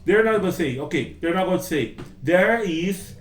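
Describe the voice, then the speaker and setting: A man's voice: fairly high pitch, animated, quick pace, a little hiss or hum. A man with a Brazilian Portuguese accent leads a casual English conversation class, chatting, repeating his phrases and acting out the lines people say to him. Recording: echoey room, voice from a distance.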